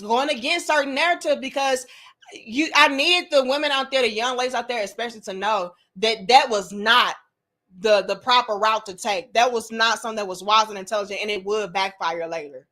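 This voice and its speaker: Woman host, high voice, outspoken and profane, monologue style. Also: pushed and bright. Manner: blunt and profane, slips into mocking quoted voices. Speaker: commentary channel host. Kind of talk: opinionated monologue to camera.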